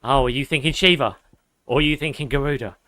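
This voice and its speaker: A young streamer gives casual live commentary over his gameplay, reading chat aloud and letting the occasional swear slip. His medium-pitched voice is bright and forceful, and his pace is quick. The recording is dry, with game music in the background.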